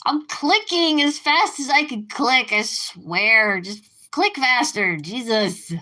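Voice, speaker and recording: A woman streamer chatting casually with her live chat, rambling and jumping up in pitch when she gets worked up. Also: lively intonation, slow pace, sharp tone. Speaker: livestreamer.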